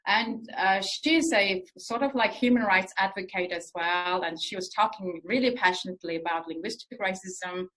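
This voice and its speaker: A woman researcher answering interview questions in an earnest, explanatory way, pausing often with fillers as she thinks. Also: mid-range voice, a bit bright, rough recording. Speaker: researcher guest.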